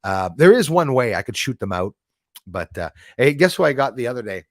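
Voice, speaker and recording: A man's voice: mid-range voice, big pitch swings, a little fast, dry recording, clean studio sound. A man hosting a casual live stream, rambling as he reads out and thanks viewers in the chat. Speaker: livestream host.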